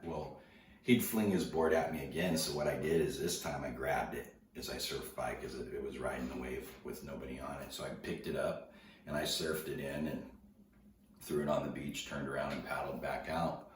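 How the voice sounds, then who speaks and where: Very deep-voiced laid-back surfer man. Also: brisk, a little hiss or hum. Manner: laid-back surfer slang, acts out dialogue. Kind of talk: casual storytelling talk. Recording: roomy, distant mic, faint ambience.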